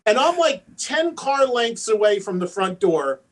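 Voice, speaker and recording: A man on a talk show tells an extended casual story at a measured pace in a high voice. Animated throughout, he enjoys voicing the people in the tale.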